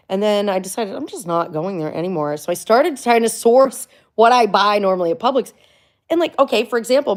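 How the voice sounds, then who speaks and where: A middle-aged woman vlogger from Florida, chatting casually and rambling through a story, full of likes and asides. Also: medium pitch. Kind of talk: casual chat.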